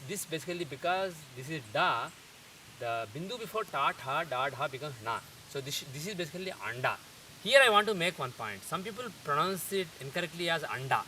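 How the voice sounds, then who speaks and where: A man teaching pronunciation in a methodical lecture, repeating sounds slowly to show them. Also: on the high side, bright, forceful tone. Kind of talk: explanatory lecture. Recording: distant mic with faint hiss.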